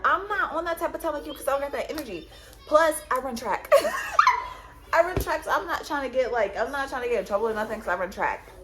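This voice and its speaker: A woman with a high voice tells a story casually straight to the camera. She repeats her lines and acts out the dialogue as she goes. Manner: animated retelling with repetitions and quoted dialogue. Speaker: vlogger.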